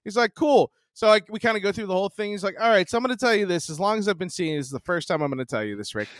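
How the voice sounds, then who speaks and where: A man's voice: high-pitched, rapid-fire, no echo. A man around forty telling a story as a podcast co-host, swearing freely and often breaking into laughter. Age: 40s. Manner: profane, animated, laughs often. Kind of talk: casual storytelling chat.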